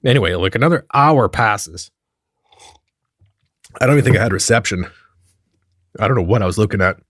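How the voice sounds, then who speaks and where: A man telling a comedic story in a profane, animated way, acting out the dialogue as he goes. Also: on the low side, brisk, pauses often, no echo, studio quality.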